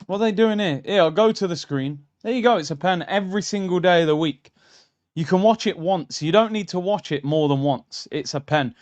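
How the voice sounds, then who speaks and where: A young man hosting a live football watchalong, reacting bluntly and excitedly to the match. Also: high voice, brisk.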